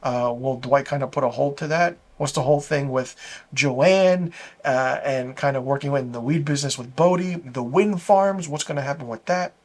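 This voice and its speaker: A man hosting a casual video review, talking through an episode in a loose, rambling way. His speaking pitch sits in a middle range for a man. He sounds enthusiastic and keeps stringing thoughts together with fillers. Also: normal speed, a little mellow. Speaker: TV episode reviewer, channel host.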